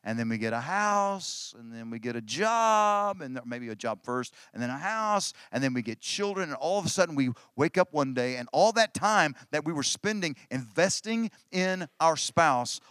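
Middle-aged male pastor, conversational sermon, slightly high voice, dry close mic. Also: fairly bright tone, clean tone, dry recording. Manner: conversational preaching with repeated restarts and emphatic phrases.

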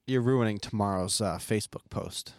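A man's voice: lowish voice, moderate pace, no room sound. A man co-hosting a podcast in casual chat, making wry jokes. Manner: wry, joking. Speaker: podcast co-host.

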